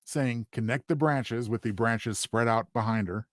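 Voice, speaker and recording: A man co-hosting a casual review podcast, explaining his points in a relaxed way. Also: mid-range voice, a little slow, no echo, clean studio sound. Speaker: podcast co-host.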